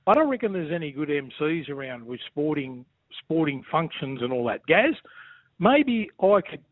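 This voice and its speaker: Excitable Australian bloke on a tinny phone line. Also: male voice, on the high side, normal speed, no echo. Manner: jokey, excitable, says mate constantly. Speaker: former footballer calling in. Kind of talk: casual banter on a phone call.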